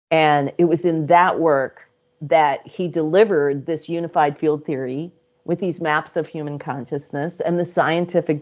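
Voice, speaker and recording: A middle-aged woman with a slightly low voice tells her stories as an interview guest. She talks in a chatty, lively way, breaks into laughter often and slips into little acted-out quotes. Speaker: interview guest, psychic channel. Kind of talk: casual storytelling interview.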